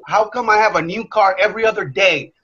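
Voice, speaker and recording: A young man telling a candid personal story in a blunt, profane, animated way. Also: high voice, quick pace, breathy edge. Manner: profane, blunt, animated, acts out his past self. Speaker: motivational speaker. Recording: dull lo-fi sound.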